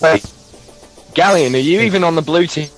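A man's voice: a little high, moderate pace, soft background music. A young man playing a game with friends, teasing and cracking jokes, yelping when attacked. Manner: joking, teasing, yelps in panic. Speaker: game player. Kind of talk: casual gaming chat.

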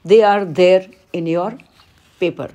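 A woman, teaching as she works through an exam paper, reading each question aloud and then explaining the answer with pauses. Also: lowish voice, mellow. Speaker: English teacher. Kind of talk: exam paper walkthrough lesson.

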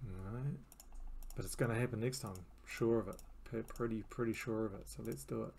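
A man's voice: fairly low pitch, steady tone, a little fast, creaky, darkish tone, slight background noise. A man giving rambling, self-mocking commentary over his gameplay, with many restarts and fillers. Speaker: game channel host.

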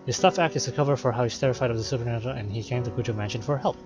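A man's voice: medium pitch, rapid-fire, loud music behind the voice. A man casually playing a visual novel, reading its text aloud and chatting loosely with lots of fillers. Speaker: let's player.

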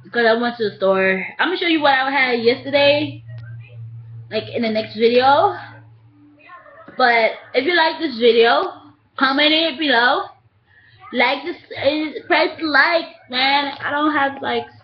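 A woman's voice: high voice, unhurried, slight background noise. A young woman vlogging casually to her webcam, playful and giggly, often slipping into sing-song. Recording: dull lo-fi webcam audio.

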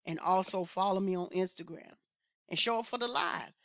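A woman's voice: medium pitch, normal speed, a bit bright, dry recording, clean studio sound. A woman hosting a music reaction channel, chatting casually with viewers and reacting with emphatic exclamations and frequent laughter. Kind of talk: casual reaction vlog chat.

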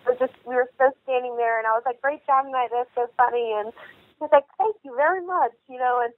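A woman guest in an interview, telling stories in a chatty, animated way with lots of fillers and acted-out quotes. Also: a little high, fast talker, no room sound. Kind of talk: casual storytelling in an interview. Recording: phone line.

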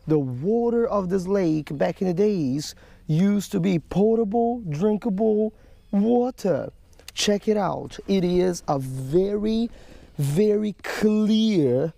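A man's voice: on the high side, creaky, dark tone. A fishing vlogger, a man, narrating outdoors at a lake in a playful, showy and upbeat way, with frequent chuckles. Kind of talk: energetic outdoor vlog narration.

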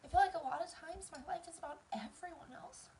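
A woman's voice: extremely high pitch, fast talker, warm tone, slight background noise, poor audio. A woman in her thirties with a Southern American accent, chatting casually to viewers on a live stream while doing her makeup, emotional and close to tears. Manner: emotional, teary, talks straight to viewers. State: tearful, near crying.

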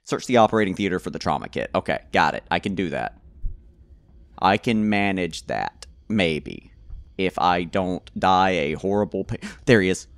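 A man giving let's play commentary on a horror game, rambling to himself with stammered restarts and sudden loud excited outbursts. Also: sits low, moderate pace, vocal fry, dry recording. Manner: rambling nervous self-talk, repeated stammered restarts. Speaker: gamer playing a horror game.

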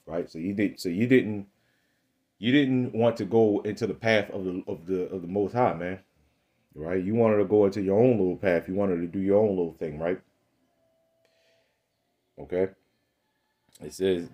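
A man's voice: low voice, normal speed, long pauses, warm tone. A man preaching an informal sermon, fiery and rhetorical, constantly checking in with "right?" and "man.". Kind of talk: informal street-style sermon.

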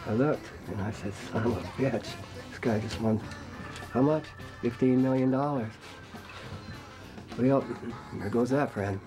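A man's voice: mid-range voice, a little slow, long pauses, music in the background, low-quality recording. Laid-back man spinning a yarn. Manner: relaxed, rambling, laughs at his own story. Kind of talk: casual storytelling interview.

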